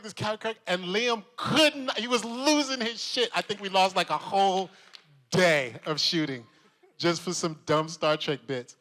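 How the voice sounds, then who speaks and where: Man, convention panel guest, bright voice, lively storytelling, reverberant hall. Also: high voice, normal speed. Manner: animated, laughing, acts out voices.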